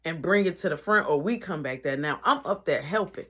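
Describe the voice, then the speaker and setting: A woman telling a casual storytime monologue, animated and acting out others' lines. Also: deep voice, brisk, slightly rough. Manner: animated, acts out dialogue.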